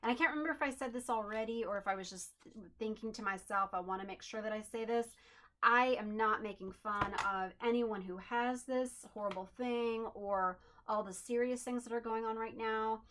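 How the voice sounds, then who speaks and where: A woman's voice: a little high, moderate pace, pushed and bright, a little hiss or hum. A woman hosting a home craft tutorial, chatting in an upbeat way and thinking aloud as she works at her desk. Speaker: crafting channel host.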